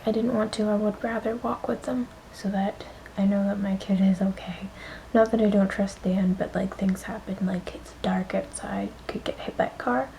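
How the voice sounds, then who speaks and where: A young woman talks to her camera in a shaky, tearful voice that often sinks to a whisper. Her tone is dark and gravelly, with faint hiss behind it. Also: medium pitch, low-quality recording. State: on the verge of tears. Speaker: vlogger, young mother. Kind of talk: casual storytime vlog.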